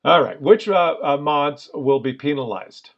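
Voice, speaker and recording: A man's voice: on the high side, animated, unhurried, creaky, lo-fi sound. A man giving casual commentary on a game, exasperated and ranting, with many fillers. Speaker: gaming commentator. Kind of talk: casual commentary over gameplay video.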